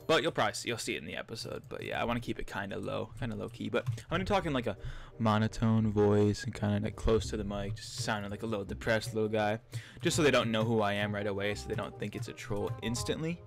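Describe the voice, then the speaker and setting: A young man hosting a gaming vlog, chatting quickly and cheerfully to his viewers. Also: lowish voice, creaky, faint music behind. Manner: upbeat, chatty, quick direct address to viewers. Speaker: gaming YouTuber host. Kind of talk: casual gaming vlog commentary.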